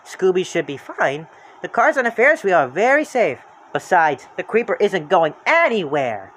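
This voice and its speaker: A storybook reader voicing a calm, practical older man who runs a carnival, talking in a steady, reassuring way. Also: medium pitch, normal speed, a little hiss or hum.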